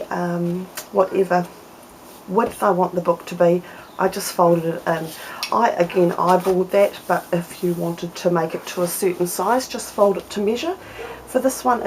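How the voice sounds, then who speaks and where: A woman's voice: on the low side, darkish tone, slight background noise, rough recording. A woman hosting a casual papercraft tutorial, explaining each step in a chatty way with fillers.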